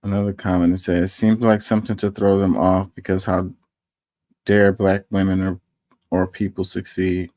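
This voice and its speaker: A man casually commenting on news and reading viewer comments aloud, with animated rhetorical questions. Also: low voice, normal speed, dry recording, clean studio sound.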